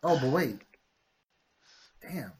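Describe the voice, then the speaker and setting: A player in a tabletop game, reacting with excitement and laughter. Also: medium pitch, slow. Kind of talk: casual tabletop game play.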